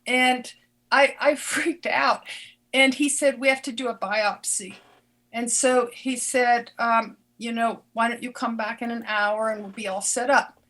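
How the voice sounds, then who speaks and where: An older woman and former doctor telling a personal story in an interview, earnest and halting, often restarting her words. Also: on the high side, fairly even intonation, a bit bright.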